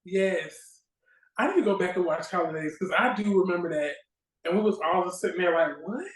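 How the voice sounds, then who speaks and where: A woman guest on an interview show, telling stories in a casual, lively way and acting out the exchanges she remembers. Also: lowish voice, fairly quick, reverberant, rough recording. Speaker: guest actress. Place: at home near a railway line.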